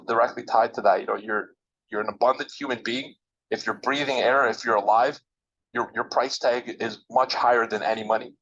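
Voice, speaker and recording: A guest trader being interviewed speaks in a mid-range, slightly bright voice, though the audio is dull. He gives emphatic, motivational advice, coaching the listeners directly.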